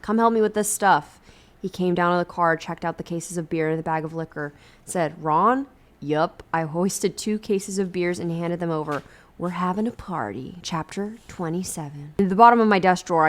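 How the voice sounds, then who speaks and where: A young woman reading a novel aloud, chapter by chapter, in a steady, plain voice and adding joking asides. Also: fairly low pitch. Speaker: YouTube host.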